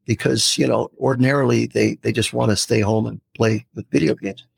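A man in his sixties, a podcast guest, telling lively stories and acting out quotes in casual talk. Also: mid-range voice, a little fast, gravelly, slightly rough, dry recording, studio quality. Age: 60s. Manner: storytelling, lively, animated quotes.

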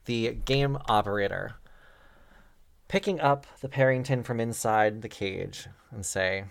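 Game master, male, slow deliberate narration, dry close sound. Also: mid-range voice, gravelly, dry recording. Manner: unhurried narration, chuckling often.

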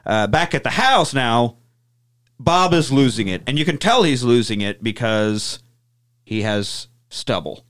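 A man co-hosting a podcast who recaps things in casual chat, animated and freely profane. His voice is smooth and clear at an ordinary mid pitch. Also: a little slow. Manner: animated, profane storyteller who acts out quotes. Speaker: podcast co-host.

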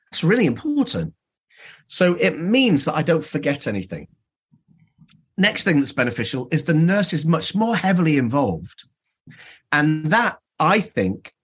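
A dentist being interviewed on a podcast, telling stories in an animated way and acting out dialogue. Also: male voice, medium pitch, breathy edge.

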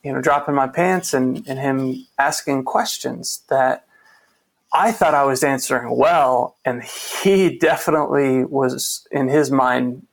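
A male interview guest tells a personal story earnestly and reflectively, frequently restarting sentences and quoting dialogue. He speaks a little slowly in a medium-pitched voice with vocal fry.

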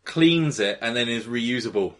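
A man's voice: mid-range voice, expressive, normal speed, fairly bright tone. A man in a casual chat among friends, making dry jokes and keeping the conversation on track.

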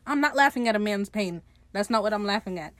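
A woman's voice: mid-range voice, expressive, quick pace, dry recording. A young woman casually recapping a TV episode on her podcast, chatty and sarcastic, swearing freely and laughing at her own jokes.

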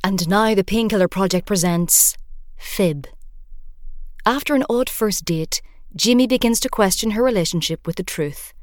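A woman's voice: mid-range voice, moderate pace, no echo, clean studio sound. A woman reading the scripted intro and sponsor notes of a podcast. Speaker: podcast presenter.

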